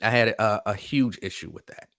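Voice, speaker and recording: A man's voice: lowish voice, normal speed, a bit bright. A man hosting a casual live stream, talking in an emphatic, repetitive, conversational way. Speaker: host.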